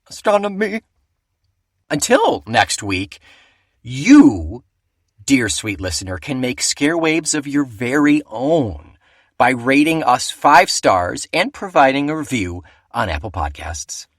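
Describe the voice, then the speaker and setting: Dude cohosting a comedy podcast, wry and relaxed, lively voice, dry close mic. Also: male voice, medium pitch, takes it slowly, no echo. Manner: relaxed, wry, reads promos with playful flourish. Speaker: podcast co-host. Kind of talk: casual comedic chat.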